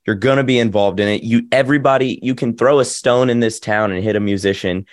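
A man's voice: mid-range voice, fast talker, dry recording, clean studio sound. A young man from Nashville with a light Southern accent, chatting and joking as an interview guest on a video call. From Nashville, Tennessee. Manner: chatty, joking, animated storyteller. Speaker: actor and musician, interview guest.

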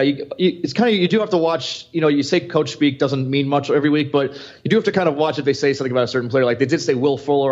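A man co-hosting a fantasy football podcast, rambling with many restarts. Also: medium pitch. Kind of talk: casual sports chat. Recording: slightly muffled audio.

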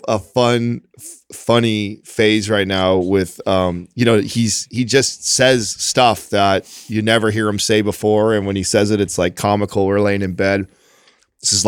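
A man's voice: lowish voice, clear, resonant tone, no room sound, clean studio sound. A man in his thirties in casual chat, telling a story and laughing often.

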